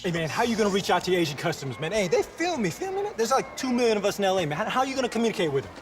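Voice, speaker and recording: A swaggering young man bragging to his buddy in a comedy film. His slangy talk runs high in pitch, with soft music underneath. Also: sing-song, very fast.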